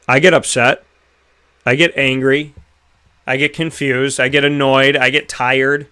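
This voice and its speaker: An American radio show host speaks in a mid-range voice at normal speed, his intonation fairly even and his tone bright, forceful, clear and resonant. Hosting a talk show segment, he gives an earnest, reflective motivational talk packed with rhetorical questions.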